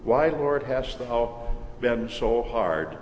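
A pastor voicing a distraught, self-pitying ancient prophet who pleads in old-fashioned speech. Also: male voice, mid-range voice, lively intonation, takes it slowly, a little mellow, slight background noise, pitched below the performer's own voice. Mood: anguished pleading. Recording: echoey church hall with long reverb.

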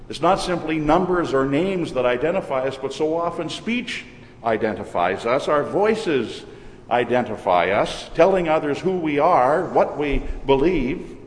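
A man with a Minnesotan accent, a pastor preaching a sermon in a measured, deliberate cadence. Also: a little high, a little hiss or hum. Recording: echoey church hall with long reverb.

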